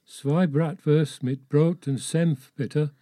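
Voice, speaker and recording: A man's voice: a little high, fairly even intonation, slow, warm tone, dry recording, studio quality. A man voicing a young, ginger-bearded husband on a road trip, in a friendly conversational reading style. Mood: cheerful. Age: 20s. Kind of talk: audiobook memoir reading.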